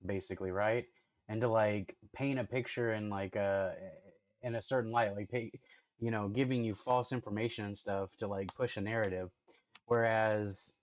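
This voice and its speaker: A man talks casually at a medium pitch as he reacts to videos at home. His speech rambles and is crowded with filler words and swearing. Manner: rambling, profane, heavy use of filler words. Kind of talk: casual chat.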